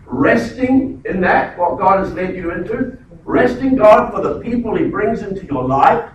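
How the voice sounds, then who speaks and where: High-voiced preacher in an echoey hall. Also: male voice, lively intonation, a little slow, recorded from a distance, dull audio, slight background noise. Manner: emphatic, repeats words, stumbles and restarts. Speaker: pastor. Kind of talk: sermon. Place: church.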